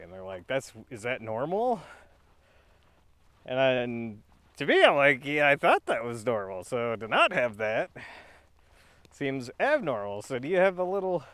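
A man's voice: mid-range voice, a bit bright, no echo. A young man rambling in a casual monologue, with a goofy, slightly throaty voice, laughing often and restarting his sentences. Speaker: video creator.

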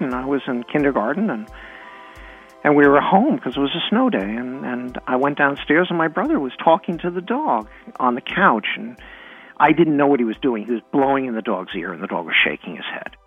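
A man telling a personal childhood story in an animated way, acting out the dialogue. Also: medium pitch, slightly rough, no echo. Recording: tinny phone-like sound.

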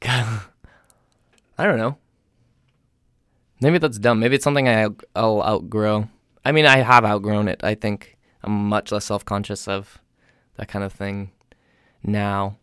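A young man from England with an English accent softened by years in North America, talking in a casual, rambling, self-deprecating monologue. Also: fairly low pitch, steady tone, unhurried, pauses often, clean tone, no echo, clean studio sound.

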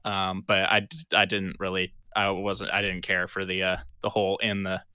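A man in casual conversation about a movie, animated and quick to laugh, acting out lines he quotes. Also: sits low, smooth, no echo, studio quality.

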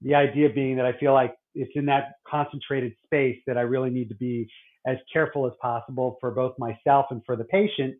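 A man's voice: mid-range voice, fairly even intonation, a little fast, narrow, tinny audio. A middle-aged man, a doctor, chatting casually and rambling, with many restarts and fillers. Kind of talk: casual podcast chat.

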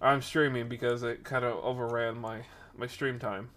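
A man's voice: mid-range voice, normal speed. A man in his twenties casually telling a rambling story on a podcast stream, with lots of fillers. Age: 20s. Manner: rambling, animated retelling with frequent fillers.

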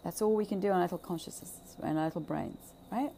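A woman with a gravelly, fry-laden voice speaks in an impassioned monologue. She hammers her points by repeating short phrases, swears freely, and swings from loud bursts to hushed asides. A faint hiss sits under the recording. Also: on the low side, fast. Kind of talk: impassioned monologue on childhood trauma.

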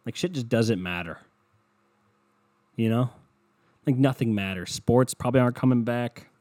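A man's voice: medium pitch, moderate pace, darkish tone, dry recording. A man hosting a podcast, ranting in a sarcastic, profane, rambling way. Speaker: podcast host. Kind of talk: casual comedic rant.

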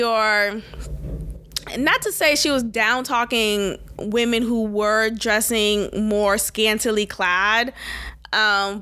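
A woman hosting her own podcast, giving blunt, sassy commentary with sudden emphatic jumps in pitch. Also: bright, forceful tone. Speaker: podcast host. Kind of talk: casual opinion commentary.

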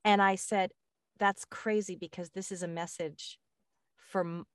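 A woman with a somewhat low voice talks in a casual, enthusiastic way. She responds to her guest and tells her own anecdote. The sound is dry, with no room echo. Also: fairly even intonation, unhurried. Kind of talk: casual chat.

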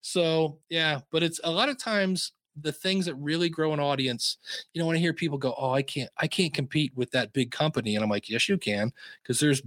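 A man's voice: a little high, a little fast, a bit bright, no echo. A middle-aged man, a podcaster being interviewed, telling stories in a rambling, self-deprecating way with many restarts. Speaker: podcaster guest. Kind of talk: casual interview storytelling.

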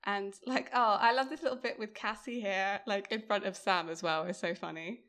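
A woman's voice: medium pitch, fairly even intonation, moderate pace, a bit bright. A woman co-hosting a podcast, chatting casually about a TV episode, laughing often. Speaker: podcast co-host. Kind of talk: casual chat recapping a TV episode.

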